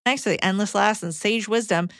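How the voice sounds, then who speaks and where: A woman co-hosting a podcast, reading listener letters aloud in a brisk, blunt way. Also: medium pitch, fairly bright tone, no echo, studio quality.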